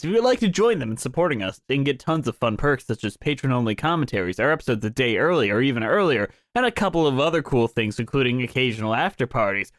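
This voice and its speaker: Playful, lively-voiced male podcast host. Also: mid-range voice, dry recording, studio quality. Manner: playful, giggly, theatrical. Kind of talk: comedic casual chat and read summary.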